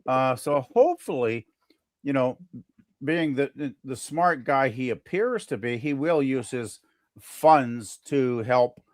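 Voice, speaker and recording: A man co-hosting a casual group talk show, giving opinions in halting starts and restarts. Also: medium pitch, dry recording, studio quality.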